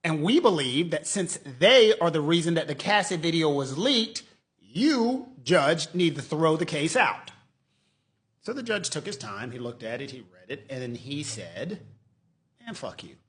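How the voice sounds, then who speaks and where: Man, lawyer, casual legal commentary, mocking, fairly high voice, acts out quotes. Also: big pitch swings, unhurried, a bit bright.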